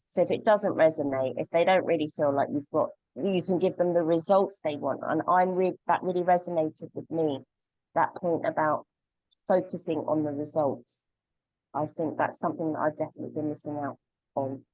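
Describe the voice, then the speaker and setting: Earnest low-voiced woman, dry sound. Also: fairly even intonation, normal speed, a little mellow, dry recording, rough recording. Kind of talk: casual group discussion.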